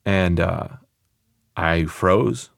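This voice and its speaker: A man's voice: deep voice, very slow, vocal fry, no echo, studio quality. A man, a comedian, telling a personal story in a casual, conversational way with loose phrasing.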